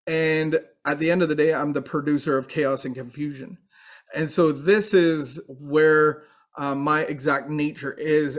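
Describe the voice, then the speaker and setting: Man, earnest recovery speaker, faith-based talk, slightly higher voice. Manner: earnest, with frequent restarts.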